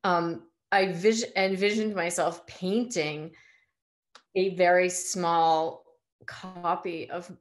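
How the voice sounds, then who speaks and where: A woman in her forties talks through her work in a relaxed conversation. She speaks haltingly, restarting her sentences often, in a slightly low voice. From United States. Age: 40s. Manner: hesitant, halting, many restarts. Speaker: artist guest. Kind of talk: casual conversation.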